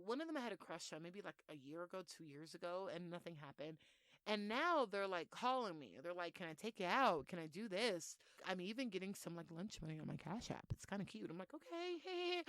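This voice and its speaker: A young woman hosts a podcast alone, delivering a casual monologue that's brash, animated, and full of swearing and laughs. Her voice is mid-range, and the recording is dry.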